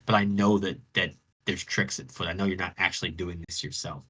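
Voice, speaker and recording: A man voicing a spiteful, jealous goddess, with shrill outrage and sassy modern slang. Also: steady tone, brisk, a bit bright, slightly rough. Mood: angry.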